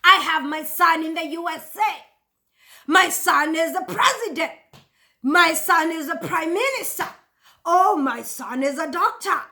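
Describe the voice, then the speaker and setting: A woman voicing a long-absent father who comes back fawning and bragging about his children. The voice is gushing, high and bright. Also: exaggerated voice. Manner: gushing, boastful. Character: returning father, proud and fawning.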